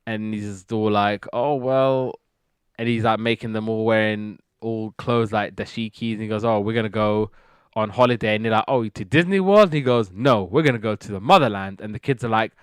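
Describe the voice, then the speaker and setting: A man hosts a casual podcast, walking through old sitcom episodes in a loose, rambling way. He slips into quick impressions of the characters' lines as he goes. His voice sounds smooth and clear, and the recording is dry and close. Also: lowish voice, steady tone, no echo. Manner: rambling retelling, acts out quotes. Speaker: podcast host reviewing TV shows. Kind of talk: casual recap chat.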